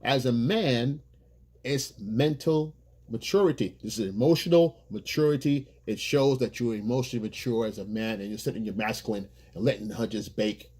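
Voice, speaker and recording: A man coaching on dating in a husky, slightly breathy voice. He delivers his points emphatically, in a preachy lecturing manner, at an everyday pitch. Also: normal speed, a little mellow. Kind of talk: monologue advice video.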